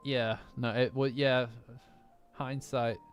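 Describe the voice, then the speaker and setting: A man with a Nottingham accent chats loosely on a live stream, pitched squarely in the usual male range. He wanders off topic and teases himself along the way. Soft lofi music plays faintly underneath. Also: level tone, slow. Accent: Nottingham English. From Nottingham, England. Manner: rambling, easily distracted, self-mocking. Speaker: streamer reacting to a manga chapter with chat. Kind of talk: casual live-stream chat. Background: faint lofi background music.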